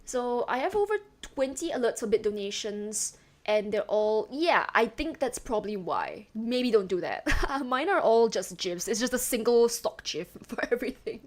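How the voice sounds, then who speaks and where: A young Singaporean woman streams and chats casually with her live chat, her accent a Singaporean mix with a slight British touch. Her voice sits on the high side, sing-song and darkish in tone, at a moderate pace. She's chatty and rambling and calls herself a yapper.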